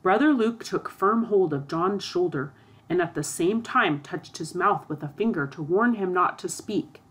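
Woman narrator, storybook reading, lowish voice, steady and expressive. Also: measured pace, husky.

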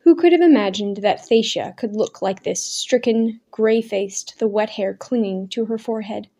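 A woman reading a novel aloud as narrator, in a measured, expressive way. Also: medium pitch. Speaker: audiobook narrator. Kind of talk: scripted narration.

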